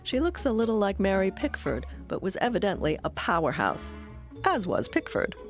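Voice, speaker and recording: A woman giving measured, scripted narration for a documentary. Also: medium pitch, very animated, faint music behind.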